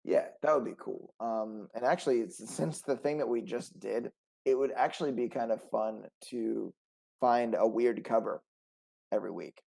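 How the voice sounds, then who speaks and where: A man's voice: mid-range voice, normal speed, creaky, warm tone, low-quality recording. A man co-hosting a podcast over a call, chatting casually and rambling with lots of "like". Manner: rambling, many "like" fillers. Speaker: podcast co-host. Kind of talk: casual chat. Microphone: remote call.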